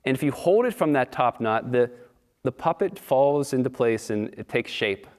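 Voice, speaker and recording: A man's voice: mid-range voice, expressive, normal speed. Man giving a storytelling sermon. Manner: warm storytelling, asks the audience questions. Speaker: speaker at a Sunday service.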